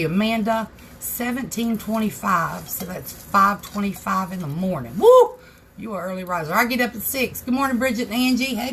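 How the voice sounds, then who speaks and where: A woman's voice: medium pitch, a bit bright, a little hiss or hum. A woman hosting a casual craft tutorial livestream from her home craft room, chatting and greeting viewers by name.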